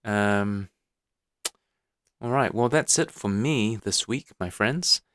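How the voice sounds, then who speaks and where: A man's voice: on the low side, slow, fairly bright tone, a little hiss or hum. A man hosting a motivational podcast, coaching listeners, repeating his points and often checking in with "okay?". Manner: many fillers and restarts. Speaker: podcast host.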